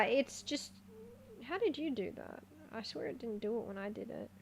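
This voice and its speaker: Chatty, easily excited woman streamer. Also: a little high, moderate pace, vocal fry, breathy edge. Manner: jumps between quiet muttering and loud outbursts. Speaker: live streamer. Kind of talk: casual live-stream chat while exploring a game.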